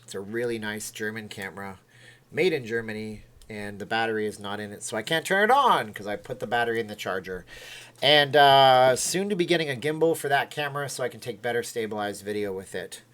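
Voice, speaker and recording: A man's voice: on the low side, animated, a little fast, a bit bright. A man hosting a casual livestream, rambling and chatting as he reacts to viewer comments. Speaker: livestream host.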